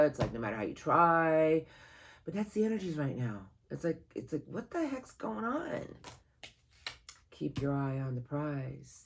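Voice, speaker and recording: A tarot reader giving a monthly reading to camera, earnest and encouraging, who speaks aloud to spirit guides and breaks into sudden excited, louder bursts. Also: breathy edge. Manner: animated, sudden jumps in pitch and loudness, laughs at the cards.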